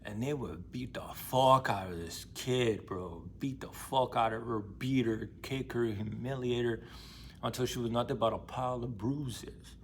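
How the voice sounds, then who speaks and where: A man's voice: medium pitch, measured pace, slight background noise. Young man, casual book vlogger, street-slang delivery, blunt and emphatic, swears freely. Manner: slangy, profane, emphatic storytelling. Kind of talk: casual retelling and commentary.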